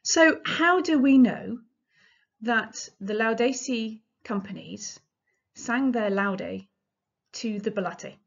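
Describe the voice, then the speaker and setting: A woman's voice: a little high, slow pace, dull audio. A woman giving an illustrated lecture on medieval music, explaining in a chatty way with frequent ums and restarts.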